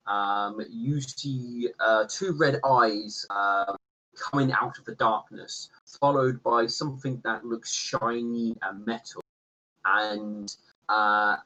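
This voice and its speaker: A man's voice: fairly low pitch, bright, forceful tone, poor audio. A man narrating a tabletop game as game master, hesitant and full of ums and uhs.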